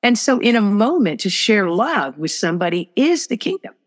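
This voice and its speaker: An earnest woman speaks with emphasis as a guest author in a faith conversation. Her voice sits at a middle pitch. A long reverb trails each phrase. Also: big pitch swings, moderate pace.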